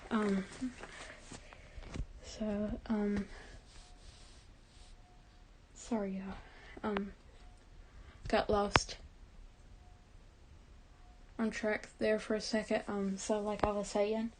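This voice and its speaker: A young woman talking casually to her camera, rambling with many restarts and fillers, her voice quiet and tearful. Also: medium pitch, flat delivery, extremely slow, long pauses, slight background noise, poor audio. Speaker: vlogger.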